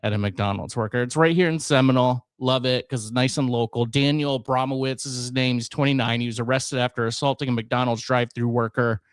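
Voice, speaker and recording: A man, chatting casually as co-host of a talk show. He tells stories in an easy, animated way and laughs often. His voice sits at a middle pitch, and the sound is dry and close. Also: fast talker, few pauses, smooth, dry recording. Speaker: podcast co-host. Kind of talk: casual chat.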